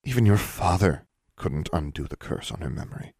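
A man voicing a cool, steady witch who leads a school, speaking in a measured, icy way in a storybook reading. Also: deep voice, husky, dry recording, clean studio sound, full character voice. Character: cool, steady older witch dean, female.

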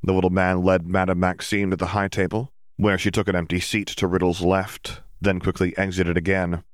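A man reading a storybook aloud as narrator, steady and descriptive. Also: low-pitched, normal speed, dry recording, studio quality. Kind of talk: audiobook reading.

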